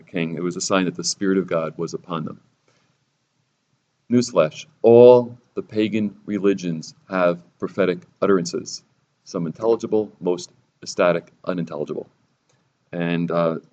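A man's voice: low-pitched, dark tone, lo-fi sound. A man teaching a Bible lesson sermon-style, sarcastic and theatrical, raising his voice for the quoted lines.

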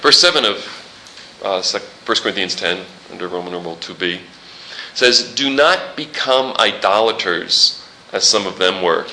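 Male pastor, animated and jokey sermon delivery, bright tone, roomy reverb. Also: low-pitched, normal speed, slight background noise. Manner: animated, jokey preaching with rhetorical questions.

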